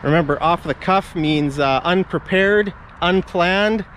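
Man, slightly high voice, rambling off the cuff, walking outdoors, camera mic, faint traffic behind. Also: a little slow, fairly bright tone. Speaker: English teacher. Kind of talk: casual walking vocabulary lesson. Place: outdoors on residential streets. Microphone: handheld camera while walking.

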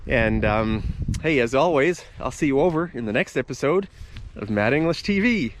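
A man's voice: mid-range voice, lively intonation, moderate pace, a little hiss or hum. A man hosting a casual English-teaching vlog outdoors in a park, talking while he walks and explaining words as he goes. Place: outdoors in a park with bushes and a bridge.

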